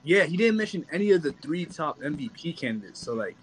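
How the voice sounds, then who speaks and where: A man's voice: on the high side, very animated, fast, a crowd in the background, poor audio. A man joining a casual basketball debate, talking in a loose, slangy way full of "like" and the odd curse word.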